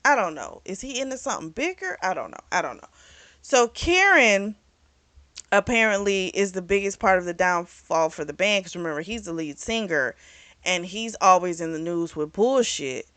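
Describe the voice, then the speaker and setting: A woman's voice: mid-range voice, animated, moderate pace, a bit bright, no room sound. Casual woman, book-club host, retells plot in a chatty way, dry close mic. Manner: chatty, retells scenes with quoted lines. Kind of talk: casual book review recap.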